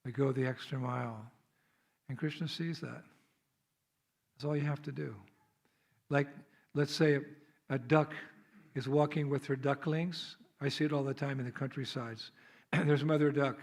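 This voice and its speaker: A man's voice: mid-range voice, steady tone, normal speed, vocal fry, long pauses. A man with an American accent giving a devotional sermon at a temple, telling stories in a chatty way, laughing often and acting out the scenes. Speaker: visiting monk speaker. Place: temple hall.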